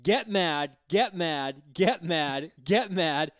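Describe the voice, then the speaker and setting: Male sports podcast co-host, animated and swearing, dry booth sound. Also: a little high, slow, no room sound. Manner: animated, profane, laughs often. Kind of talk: casual sports talk.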